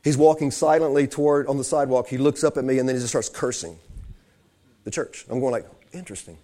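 A man's voice: mid-range voice, fairly even intonation, fast talker, mellow. A man preaching a sermon, telling stories with many restarts and building to fervent emphasis. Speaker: pastor.

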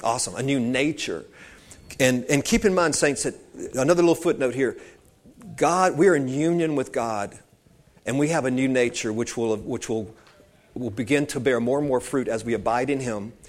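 A man's voice: mid-range voice, moderate pace. A man preaching an informal sermon, talking conversationally and wandering into asides, calling his listeners saints.

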